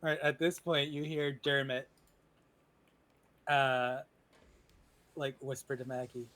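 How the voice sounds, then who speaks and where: A man's voice: medium pitch, steady tone, slow, long pauses, fairly bright tone, low-quality recording. A man narrating a tabletop game as dungeon master in a chatty, loose way over a video call. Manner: chatty, loose, many "like" fillers.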